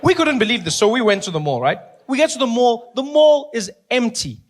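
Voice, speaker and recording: A man telling stand-up stories to a live audience, animated and acting out his characters. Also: very high voice, brisk. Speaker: stand-up comedian. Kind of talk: stand-up comedy storytelling. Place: comedy venue with a live audience.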